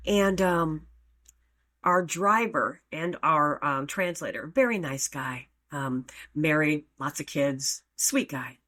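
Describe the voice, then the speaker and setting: Middle-aged female host, casual storyteller; lowish voice with a lively, swooping delivery. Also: unhurried. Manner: animated, chatty, with frequent ums and restarts. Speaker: podcast host.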